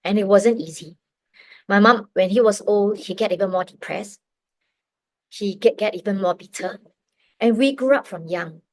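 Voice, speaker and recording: Middle-aged woman telling her faith story; earnest, halting, close and dry. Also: medium pitch, dry recording, low-quality recording. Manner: earnest, emotional, halting with restarts. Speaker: testimony speaker. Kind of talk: personal faith testimony.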